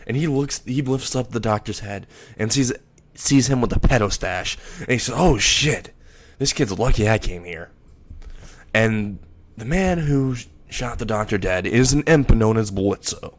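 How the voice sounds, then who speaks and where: A man's voice: medium pitch, moderate pace. A man narrating a fan-made story in a casual, rambling way, restarting words and swearing casually.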